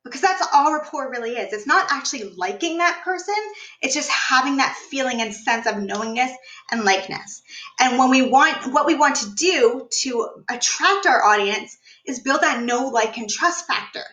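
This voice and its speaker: A woman business coach teaching a live online workshop, upbeat and energetic, standing as she talks. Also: sits high, normal speed, roomy sound, poor audio. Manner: energetic, upbeat, demonstrates voices while teaching. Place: room, standing.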